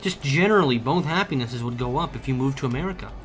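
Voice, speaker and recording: A young man livestreaming a game, bantering loudly and profanely with his chat and joking around. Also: medium pitch, lively intonation, quick pace, soft background music. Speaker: streamer. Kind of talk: casual livestream chat while gaming.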